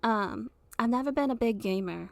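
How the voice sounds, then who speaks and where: A woman's voice: a little high, lively intonation, normal speed, gravelly, no room sound. Giggly, hesitant woman streamer. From US Midwest. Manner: soft, hesitant, many fillers and giggles. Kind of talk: casual live-stream chat.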